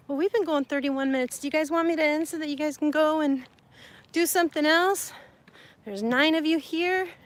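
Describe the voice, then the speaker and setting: A woman's voice: sits high, normal speed. A woman from Sonora, Mexico, chatting casually with viewers on a livestream, laughing often and mixing Spanish words into her talk. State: sweaty and hot. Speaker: livestream vlogger.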